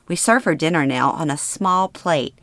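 A middle-aged woman narrating a first-person memoir in a plain, steady storytelling manner. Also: low-pitched, moderate pace, no echo.

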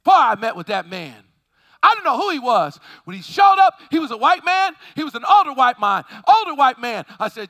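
A male preacher delivers a fervent sermon with a strikingly high, very bright voice. His pitch leaps and falls in lively swings, rising into shouts as he calls for the congregation's response. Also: brisk.

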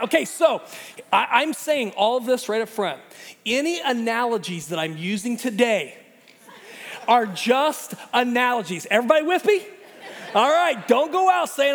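High-voiced middle-aged male pastor. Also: animated, moderate pace, a bit bright. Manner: earnest and conversational, self-deprecating humor. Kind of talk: sermon with opening prayer. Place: church sanctuary. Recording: long church hall reverb.

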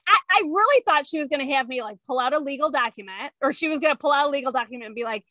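A woman in casual chat, telling family stories in an animated way and acting out quotes. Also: high-pitched, rapid-fire, dry recording. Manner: animated storyteller, acts out quotes.

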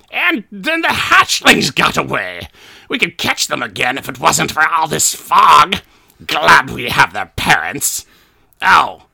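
A man doing a gravelly, put-upon alien soldier. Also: medium pitch, pushed and bright, exaggerated voice. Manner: whiny, grumbling running monologue. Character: hapless male alien soldier, self-pitying and put-upon. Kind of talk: comic podcast character voice.

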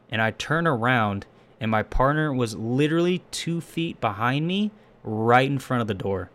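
A man's voice: fairly low pitch, lively intonation, normal speed, fairly bright tone, slight background noise. A young man telling an emotional personal story in a casual, rambling way, full of restarts and fillers. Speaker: firefighter trainee telling a story.

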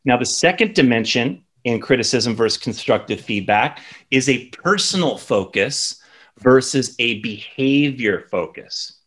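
A man in his thirties gives a spoken lesson at an ordinary, mid-range pitch. He talks conversationally and keeps checking in with the listener by asking "right?" as he teaches. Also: a bit bright. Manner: conversational, tags sentences with "right?". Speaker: instructor.

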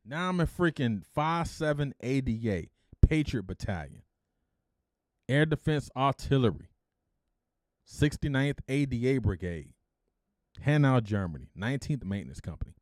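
Speaking at a normal speed and medium pitch, a middle-aged Detroit podcaster relates a story in a relaxed, animated style. He voices the characters he quotes and throws in frank, slangy asides. There's no room sound at all; the audio is close and dry.

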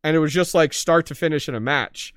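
A man's voice: a little high, quick pace, no room sound, clean studio sound. A man co-hosting a casual podcast, telling stories and acting out both sides of conversations. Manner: animated storyteller, acts out both sides of conversations. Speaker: podcast co-host. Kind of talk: casual chat.

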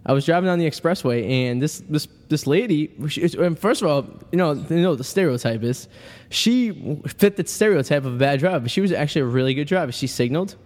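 A man's voice: a little high, expressive, fast talker, few pauses, darkish tone, long reverb tail. A man co-hosting a radio talk show, telling rambling stories full of "uh" and restarts. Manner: rambling storyteller, trails off with uh. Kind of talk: casual banter. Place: small radio studio.

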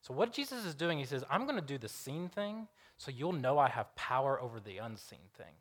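A man's voice: mid-range voice, sing-song, fairly quick, a bit bright. A young man preaching a sermon in a casual storytelling way, acting out the voices of the people in the story.

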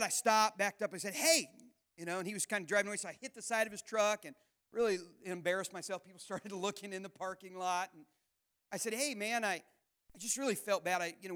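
A man's voice: high voice, fairly bright tone. A man preaching a sermon at a church camp, telling a personal story in an earnest, conversational way with frequent restarts. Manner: earnest, conversational, many restarts and stammered repeats. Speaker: pastor.

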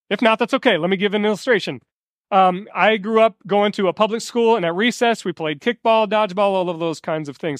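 A man's voice: high-pitched, no echo, studio quality. A male pastor preaching a sermon in a conversational way, telling stories and asking the congregation questions.

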